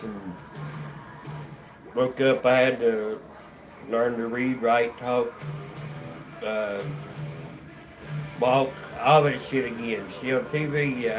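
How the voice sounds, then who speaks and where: A man with a North Carolina accent telling his life story on a casual livestream, rambling and profane, with many restarts and fillers. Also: medium pitch. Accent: North Carolina Southern.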